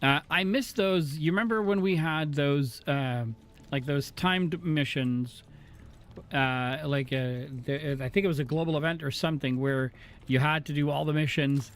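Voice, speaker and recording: A man's voice: on the high side, unhurried. A man streaming a game, talking casually and rambling with fillers, and thanking followers eagerly. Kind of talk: casual live-stream commentary.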